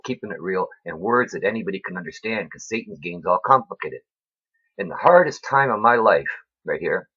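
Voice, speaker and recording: A man talking to his viewers about faith in a rambling, preachy way, keeps asking "right?", and his voice swings between loud and soft with emotion. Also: low voice, breathy edge, lo-fi sound. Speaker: vlogger. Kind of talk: rambling faith talk to camera.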